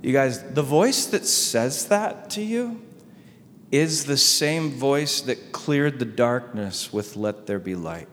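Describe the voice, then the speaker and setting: A male pastor preaching a sermon, swinging between loud emphatic lines and soft hushed ones. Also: medium pitch, expressive, slow, long reverb tail, a little hiss or hum.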